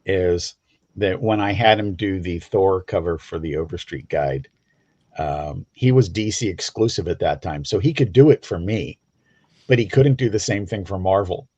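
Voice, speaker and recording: Deep-voiced hesitant man, dull dry audio. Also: moderate pace, darkish tone, breathy edge, dry recording. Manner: hesitant, full of restarts. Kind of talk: casual live-stream chat.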